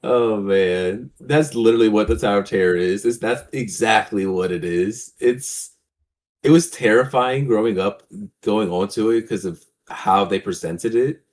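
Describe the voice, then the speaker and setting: A man co-hosting a podcast in a relaxed, enthusiastic casual chat. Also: fairly low pitch, normal speed. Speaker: podcast co-host.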